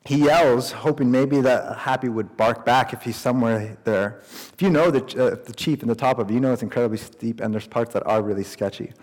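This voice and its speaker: Male pastor, conversational storytelling sermon, mid-pitched voice, long hall reverb. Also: fairly quick, darkish tone.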